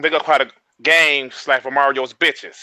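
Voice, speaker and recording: A man's voice: medium pitch, steady tone, normal speed, pushed and bright, no echo. A man on a gaming podcast panel who jokes and teases the others. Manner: joking, teasing. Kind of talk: casual gaming podcast chat.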